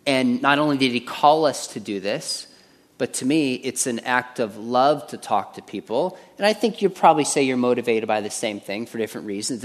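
A man in a stage debate, reasoning in an earnest, measured way. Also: medium pitch. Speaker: Christian debater.

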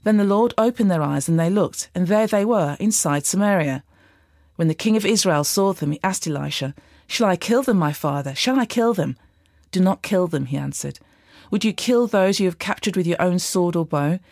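A woman giving a measured, steady scripted reading of scripture. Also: lowish voice, no echo, clean studio sound. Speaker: Bible reader.

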